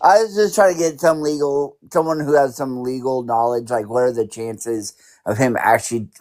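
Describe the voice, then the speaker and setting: A man's voice: mid-range voice, moderate pace, a little mellow. A man asking a question on a casual podcast, hesitant and searching for his words.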